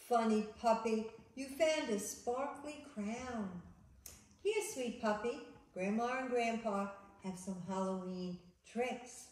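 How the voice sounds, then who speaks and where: Woman storyteller, sing-song children's read-aloud, fairly high voice, roomy echo. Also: takes it slowly, a little mellow. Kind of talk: reading a picture book aloud to a child. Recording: echoey room.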